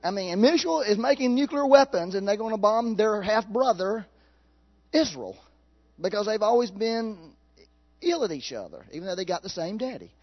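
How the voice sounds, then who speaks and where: Folksy male preacher, high lively voice, dull lo-fi recording. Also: normal speed. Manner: animated, folksy, laughs at own jokes. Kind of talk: sermon.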